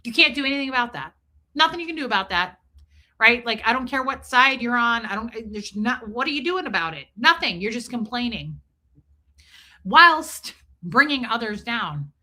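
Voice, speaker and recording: A woman's voice: fairly high pitch, animated, moderate pace, bright, forceful tone. A woman hosting a casual livestream, chatting bluntly with plenty of swearing and thanking her viewers by name. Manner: blunt, profane, chatty, reads and thanks viewers' super chats. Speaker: livestream host. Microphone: streaming mic.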